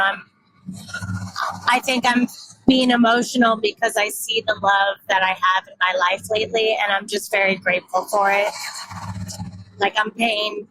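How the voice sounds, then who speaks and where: A woman's voice: mid-range voice, background noise. A woman in her thirties talking candidly and rambling in a casual personal vlog, swearing freely and poking fun at herself. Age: 30s. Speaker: vlogger.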